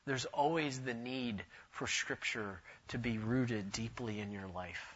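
A man delivering a sermon with a bright, forceful edge and a husky grain to his voice. He tells his story with animation, his voice climbing and swelling as he drives each point home. The recording sounds dull and lo-fi. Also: mid-range voice, a little slow. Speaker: preacher.

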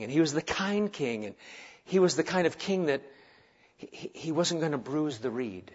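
A middle-aged man preaching a sermon as pastor, swinging between loud urgent delivery and soft hushed tenderness. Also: fairly high pitch, animated, normal speed, husky. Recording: dull lo-fi sermon recording.

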